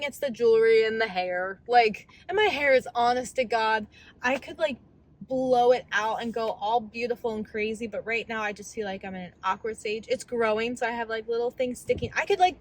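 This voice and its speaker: A woman's voice: on the high side, rough recording. A woman in her thirties in a casual, candid vlog rant, rambling as she coaches herself through her thoughts. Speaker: vlogger.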